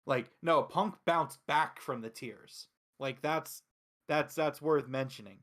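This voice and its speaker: Excitable, swearing man hosting a review show. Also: on the high side, slow pace. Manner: excitable, profane, recaps with acted quotes. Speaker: wrestling show host. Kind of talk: casual review chat.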